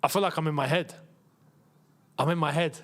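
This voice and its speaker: A man hosting a live football watchalong, chatty and excitable and laughing often. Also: a little high, a little fast, a little hiss or hum. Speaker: host.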